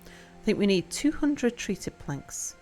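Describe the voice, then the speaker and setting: A woman's voice: mid-range voice, very animated, slow pace, darkish tone. A woman streaming a game live, chatting casually, reading chat aloud and playing with word sounds. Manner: chatty, reads chat aloud, playful with pronunciation. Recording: faint music behind.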